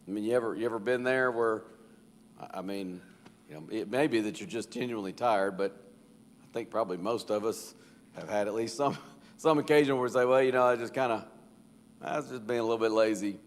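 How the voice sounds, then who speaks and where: A man's voice: lowish voice, a little fast. Folksy man teaching Bible study. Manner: folksy and conversational, with chuckles and acted-out quotes. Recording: reverberant church hall.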